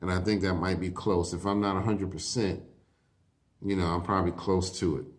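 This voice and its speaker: Laid-back man host, very low voice, casual lyric breakdown. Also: steady tone. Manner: laid-back, repeats "you know what I mean"; reads lyric lines aloud slowly. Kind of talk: casual commentary.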